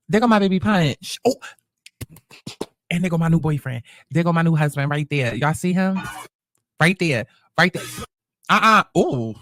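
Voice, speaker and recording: A man, hosting casual reality-show commentary in a sassy, animated, gossipy way and swearing freely. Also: fairly high pitch, unhurried, long pauses. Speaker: YouTube commentary host.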